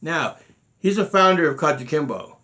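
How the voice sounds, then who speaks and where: A man's voice: on the high side, expressive, moderate pace, sharp tone. A middle-aged man, a martial arts grandmaster, talking emphatically in a monologue, repeating words and acting out quotes. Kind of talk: monologue telling stories.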